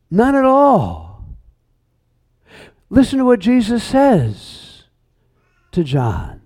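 A man preaching a sermon, earnest and emphatic, repeating words and slowing down on key phrases. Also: very high voice, wildly swooping pitch, darkish tone.

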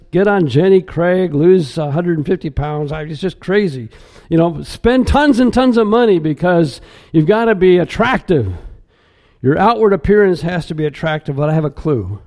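A man preaching with a high, swooping voice that leaps and drops across wide pitch. He talks slowly and deliberately, bursting into emphatic exclamations and then sinking to quiet asides. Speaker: pastor. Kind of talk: sermon.

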